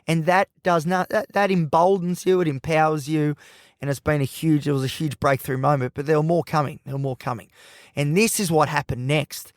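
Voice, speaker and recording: A man's voice: a little high, no echo, studio quality. A man hosting a podcast, speaking in a rambling, emotional, personal monologue, often breaking off and restarting his sentences. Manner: rambling, emotional, self-interrupting. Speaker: podcast host.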